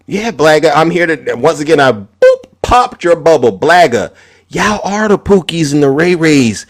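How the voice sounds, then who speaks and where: A man's voice: on the high side, big pitch swings, normal speed. Heated, preachy male political streamer. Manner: preachy, repeats words, mocking.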